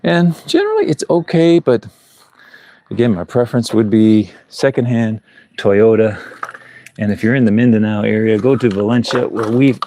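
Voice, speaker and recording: A middle-aged man with a lowish voice vlogs live from a rural building site, chatting casually and rambling, chuckling between thoughts. A clip-on mic picks him up along with background noise.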